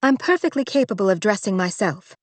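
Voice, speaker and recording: A woman voicing a determined young princess who speaks brightly and decisively. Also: mid-range voice, expressive, a little fast, no echo, natural voice. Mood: resolute.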